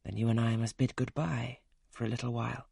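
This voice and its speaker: Audiobook voice: a man playing a brusque gentleman who teases and commands in turn. His voice is husky and mid-pitched. The sound is dry and close. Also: flat delivery, fairly quick, no echo. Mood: gruff. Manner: gruff, commanding, teasing. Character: brusque, teasing wealthy older gentleman. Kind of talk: audiobook character reading.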